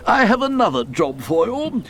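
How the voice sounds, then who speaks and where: A man voicing a brisk, commanding middle-aged railway boss in a storybook. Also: high-pitched, very animated, fairly bright tone, slightly rough, voice pushed up, full character voice.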